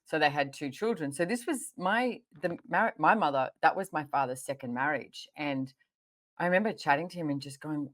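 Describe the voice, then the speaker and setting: Low-pitched female host; lively, anecdotal, conversational interview delivery. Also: moderate pace. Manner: animated storytelling, frequent laughter. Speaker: podcast host.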